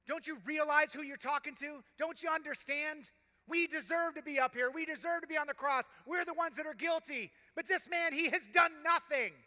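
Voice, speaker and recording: Guy doing a desperate repentant criminal, high and bright, echoey hall. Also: moderate pace, exaggerated voice. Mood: urgent. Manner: urgent raised rebuke. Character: pleading repentant male criminal. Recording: big hall reverb.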